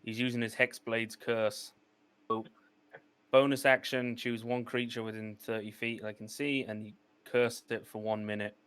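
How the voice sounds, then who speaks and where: A man with a smooth, resonant voice takes his turn in a tabletop game. He works through it step by step, reading his character's ability aloud. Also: medium pitch, little pitch movement, moderate pace, fairly bright tone. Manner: methodical, reads out rules. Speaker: player. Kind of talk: casual tabletop play.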